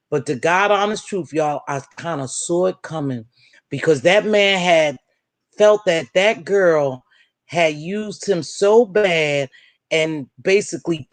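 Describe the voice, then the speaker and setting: A woman's voice: low-pitched, no room sound. A woman, hosting a casual chat and telling a story while acting out each person's lines. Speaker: vlog host.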